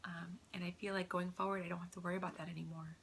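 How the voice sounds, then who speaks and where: A woman talking softly and earnestly in a personal spiritual vlog at home, sometimes dropping to a whisper. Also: fairly low pitch, level tone, very fast, gravelly, a little hiss or hum. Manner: soft, earnest, drifts into whispers. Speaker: vlogger.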